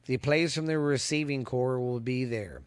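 Speaking in a clear, resonant, medium-pitched voice with no room sound, a podcast host previews the upcoming football season in casual sports commentary. He's outdoors in the heat. Hiccups break in as he stumbles through stats and restarts.

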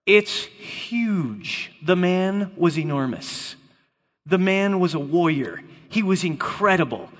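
A man preaching a lively sermon to a congregation, playful and emphatic, joking with volunteers. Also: high voice, a little slow. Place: church hall before a congregation. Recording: long reverb of a large hall.

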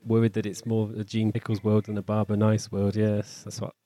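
A man co-hosting a podcast from the back bedroom of his flat, with dry, understated remarks. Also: lowish voice, fairly quick. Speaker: podcast co-host. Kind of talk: casual chat.

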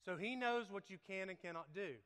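A pastor delivering a sermon in a reverberant hall, his voice high and bright. He banters and laughs with his listeners between points. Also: brisk, clean tone. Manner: playful, laughing, talks to congregation. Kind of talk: sermon with live demonstration.

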